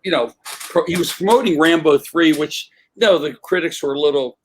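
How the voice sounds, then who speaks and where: An older man, an interview guest on a remote call, telling animated stories and acting out other people's voices. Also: fairly high pitch, normal speed, a little hiss or hum, rough recording. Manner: animated, acts out voices in anecdotes. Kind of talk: casual storytelling.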